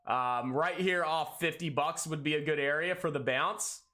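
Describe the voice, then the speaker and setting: An excitable man streams live trading commentary, rattling off prices and cheering on his trades. His voice is bright and sharp with a slightly high pitch, and he hypes every move between corny jokes. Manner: excitable, hyped, jokey, calls out prices rapidly.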